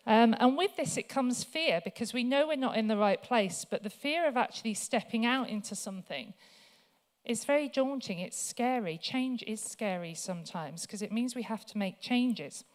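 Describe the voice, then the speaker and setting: A woman's voice: on the high side, lively intonation, normal speed. A woman speaking at a church, telling funny personal stories in a chatty way with many fillers before she turns to scripture. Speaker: guest speaker.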